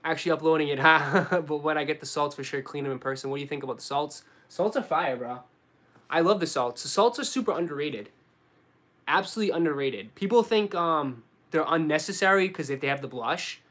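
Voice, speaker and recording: A young man with a Boston accent, chatting casually on a live stream and answering viewers, relaxed and full of slang. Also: on the high side, brisk. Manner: relaxed, slangy, says dude and bro a lot. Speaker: sneaker YouTuber answering live chat.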